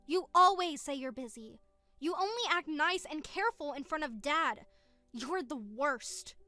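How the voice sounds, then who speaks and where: A woman's voice: high voice, animated, measured pace, sharp tone, no echo, exaggerated voice. A woman voicing an upset young woman who scolds her brother, with a reproachful manner. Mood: indignant. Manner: accusing, indignant. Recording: faint music behind.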